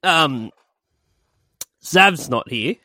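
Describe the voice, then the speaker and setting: A man's voice: a little high, animated, extremely slow, sharp tone, dry recording, clean studio sound. A man hosting a comedy podcast, telling jokey stories in casual banter and giggling often. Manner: giggly, joking storyteller. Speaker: podcast host.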